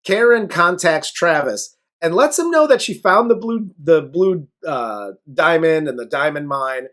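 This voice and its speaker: A man's voice: a little high, lively intonation, measured pace, a bit bright. A man co-hosting a casual movie review, recapping the plot with crude jokes in a laid-back way. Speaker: co-host of a movie review show.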